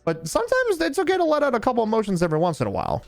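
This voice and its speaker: A man's voice: very high-pitched, wildly swooping pitch, rapid-fire, creaky, faint music behind. A young man streaming a game, chatting casually and rambling with heavy swearing. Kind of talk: casual chat while gaming.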